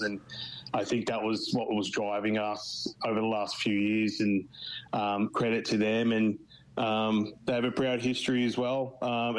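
An Australian man from Melbourne, interviewed on radio, talking in a halting way with many fillers and restarts. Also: lowish voice, poor audio. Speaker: guest, football club official in Canada.

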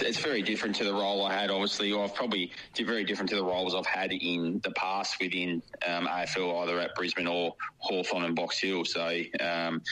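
An Australian man, a football assistant coach, answering radio interview questions in a relaxed way with frequent ums. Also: deep voice, poor audio.

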